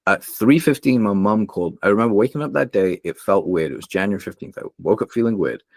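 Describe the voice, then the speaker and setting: Speaking quickly in a lowish voice, a young man on a podcast opens up with earnest, emotional personal stories, peppered with fillers and false starts. The recording is dry and studio quality.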